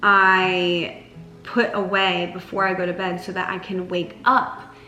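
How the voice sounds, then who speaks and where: A woman's voice: level tone, measured pace, sharp tone. Chatty young woman vlogger in echoey room. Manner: chatty, lots of "like", mocks herself in a whiny high voice. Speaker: lifestyle vlogger. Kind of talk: casual direct-to-camera advice. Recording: roomy echo with faint music.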